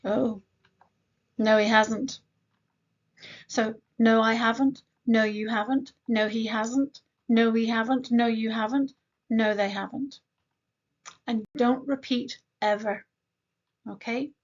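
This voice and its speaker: Woman teacher going over grammar, kinda high voice, says examples slow and careful, muffled lo-fi sound. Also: steady tone. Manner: slow, deliberate modeling of example sentences; addresses the learner directly with quick questions. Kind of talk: online grammar lesson.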